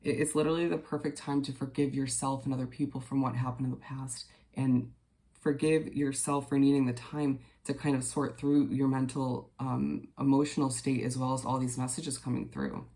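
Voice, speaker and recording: A man talks through a daily tarot spread in a gravelly, creaky voice. His pitch stays flat and level, and his delivery is gentle, reassuring and unhurried, with relaxed fillers as he speaks to his viewers. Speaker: tarot reader. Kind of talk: casual tarot reading to viewers.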